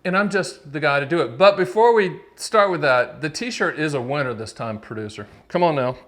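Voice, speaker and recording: A man in his fifties talks straight to camera in a casual explainer, his voice pitched a little above the usual male range. He jokes and teases his producer, wanders into tangents and then snaps back to the point. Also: expressive, moderate pace, fairly bright tone. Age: 50s. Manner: joking, chatty, teasing his producer, frequent digressions. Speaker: annuity agent hosting his own video series.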